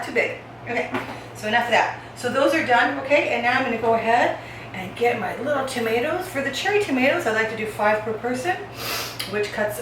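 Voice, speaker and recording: A woman's voice: fairly high pitch, noisy background. Chatty woman cooking in an echoey kitchen. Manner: chatty, talks to viewers while chopping. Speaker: home cooking host. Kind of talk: casual cooking demonstration. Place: home kitchen. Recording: very echoey kitchen, far from mic, dish clatter.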